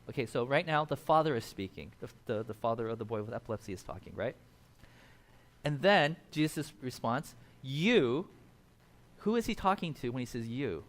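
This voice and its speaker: A man preaching a sermon in a casual, animated storytelling way, acting out the people in the passage. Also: medium pitch, moderate pace. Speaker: pastor.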